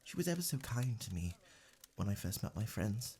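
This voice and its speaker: For an ASMR role-play, a man voices a courteous tavern keeper with a warm, mellow tone and lively pitch. His politeness is soft and halting, the mood is fond, and faint music plays underneath.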